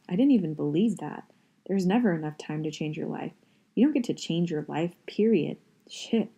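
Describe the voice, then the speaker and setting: A woman's voice: fairly low pitch, vocal fry, dark tone. A woman reading a novel aloud in a wry, conversational first-person voice. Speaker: reader. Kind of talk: audiobook-style reading of a novel.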